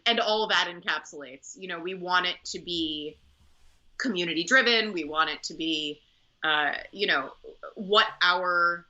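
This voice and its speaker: A woman's voice: fairly low pitch, bright, forceful tone. A woman opera singer and company director telling stories in a conversational interview, chatty, with many fillers and restarts. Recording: muffled lo-fi audio.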